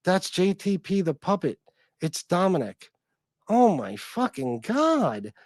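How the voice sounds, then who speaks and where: A man with a notably high voice hosts a casual livestream. He reacts with profane, exasperated disbelief. The sound is dry, with no room echo. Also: wildly swooping pitch, takes it slowly, a little mellow. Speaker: livestream host.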